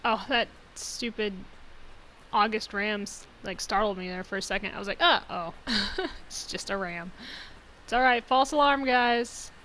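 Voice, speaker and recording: A woman's voice: on the high side, fairly even intonation, measured pace, fairly bright tone, slight background noise, rough recording. A woman hosting a let's-play video, chatting to her viewers as she plays, joking and laughing often. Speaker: gaming channel host.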